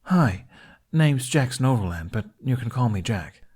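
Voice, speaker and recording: A man's voice: mid-range voice, expressive, normal speed, a little mellow, husky, pitched above the performer's own voice. A man reading a story aloud, voicing a cheeky, teasing young man. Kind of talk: audiobook character voice.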